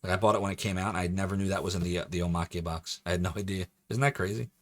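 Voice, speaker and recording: A man's voice: low-pitched, steady tone, rapid-fire. A male game streamer chatting casually with his viewers as he plays, rambling and laughing often. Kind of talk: casual live-stream commentary.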